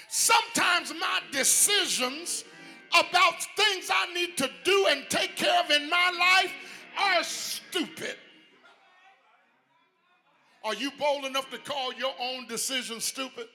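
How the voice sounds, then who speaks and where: Male preacher, very high and piercingly bright, sing-song whoop, shouted peaks, congregation call-outs. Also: gravelly. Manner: calls out to the congregation. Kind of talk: sermon.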